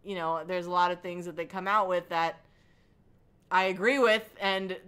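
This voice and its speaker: A young woman hosting a casual livestream from her couch at home, rambling and halting as she chats and answers her viewers. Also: fairly low pitch, fairly even intonation, fairly bright tone, smooth. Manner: rambling, halting, with frequent ums and likes. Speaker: livestream host. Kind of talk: casual chat reading chat messages. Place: home living room, on a couch.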